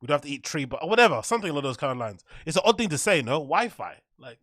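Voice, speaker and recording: A man's voice: on the high side, big pitch swings, rapid-fire, fairly bright tone, no echo. A male podcast host giving a casual, mocking reaction commentary and laughing often.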